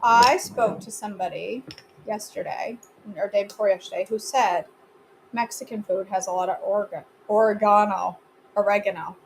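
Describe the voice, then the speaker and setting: A woman's voice: mid-range voice, steady tone, moderate pace, slight background noise, low-quality recording. A woman hosting a live cooking class from her home kitchen, chatting casually and answering viewer comments as she cooks.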